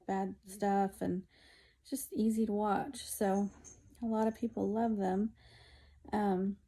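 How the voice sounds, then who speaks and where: A woman chatting casually in a home vlog, unhurried and full of fillers, playfully scolding her cat. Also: mid-range voice, mellow. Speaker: vlogger. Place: at home indoors.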